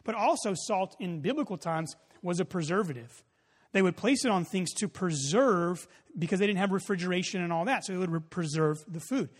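A man preaching a sermon, telling a story in a loose, casual way with many fillers, then building to loud emphasis. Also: sits high, lively intonation, fairly quick. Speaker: pastor. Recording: long hall reverb.

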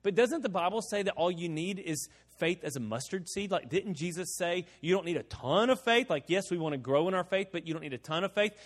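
A male pastor preaching a sermon in a conversational way, swinging between loud emphasis and quiet asides. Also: high voice, animated, fairly quick, hardly any pauses, big-room sound. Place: church sanctuary.

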